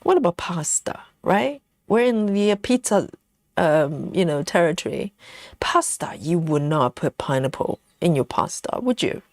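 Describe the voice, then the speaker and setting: A woman's voice: lowish voice, lively intonation, measured pace, darkish tone, no echo, studio quality. Giggly, chatty woman. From United Kingdom. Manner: chatty, giggly, reads viewer comments aloud. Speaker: live stream host. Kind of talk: casual live stream chat.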